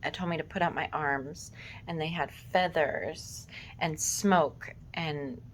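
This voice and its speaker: A woman in her thirties telling a personal story slowly and reflectively, with emotion and some casual swearing. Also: deep voice, fairly even intonation, slight background noise. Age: 30s. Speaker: vlogger.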